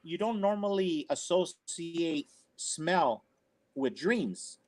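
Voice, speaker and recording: An older man tells family stories in an earnest, rambling manner, circling back and repeating himself as he goes. His voice sits slightly on the high side. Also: animated, slow, a little mellow. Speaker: storyteller on a family talk show. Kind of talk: casual personal storytelling.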